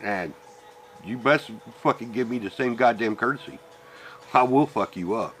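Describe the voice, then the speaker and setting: A man's voice: medium pitch, lively intonation, moderate pace, a bit bright, soft background music. A middle-aged man ranting bluntly and profanely in a personal monologue about family and parenting. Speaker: vlogger.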